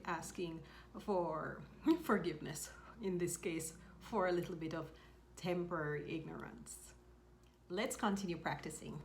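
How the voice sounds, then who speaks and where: A woman teaching a spoken lesson, repeating each phrase slowly and clearly. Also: lowish voice, slight background noise. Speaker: language teacher. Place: home in Mexico.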